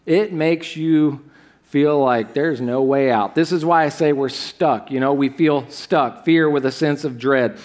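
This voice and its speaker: A man preaches from a church stage in a loose, conversational way, tossing questions and asides to the congregation. His voice sits a little higher than most men's. He keeps things animated and chatty rather than formal. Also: measured pace. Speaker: pastor. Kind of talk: sermon.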